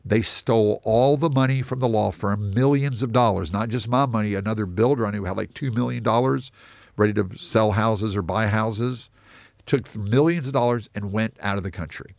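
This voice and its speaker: A man with a low, gravelly voice tells stories as an interview guest, acting out what people said along the way. He comes from the United States. The sound is dry and close. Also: normal speed, no echo. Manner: animated anecdotes with quoted dialogue. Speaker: real estate investor guest. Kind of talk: storytelling interview.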